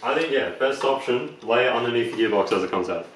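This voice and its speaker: Joking man, lively pitch. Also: fast talker, very echoey, recorded from a distance, background noise. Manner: joking, chatty. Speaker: mate helping. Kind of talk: casual chat.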